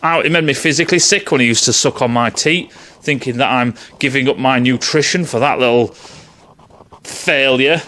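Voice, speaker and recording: A man's voice: medium pitch, normal speed, bright, forceful tone, voice pushed down, lightly acted. A man voicing a cold, scornful female alien predator mother.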